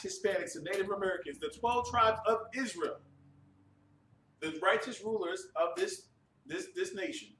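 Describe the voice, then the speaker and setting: A man's voice: sits high, a bit bright, slight background noise. A man preaching and giving announcements to a religious class, emphatic and often checking that listeners understand. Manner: emphatic, repeats "you understand". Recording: echoey room from a distant mic.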